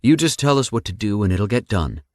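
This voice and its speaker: A man's voice: fairly low pitch, sing-song, a little fast, darkish tone, no echo, clean studio sound, voice pushed up. A man doing an eager, loyal man. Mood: earnest. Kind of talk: audiobook character voice.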